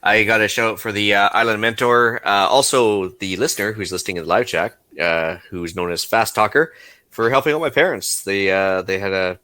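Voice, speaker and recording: A man's voice: on the low side, a little fast, bright, forceful tone, no echo. A Canadian man co-hosting a casual podcast chat, easygoing and laughing between points. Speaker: podcast co-host.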